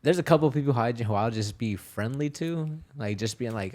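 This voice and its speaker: Guest fighter from Texas: loose, profane man with mid pitch, storyteller. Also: brisk, a little mellow. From Houston, Texas. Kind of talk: casual podcast chat.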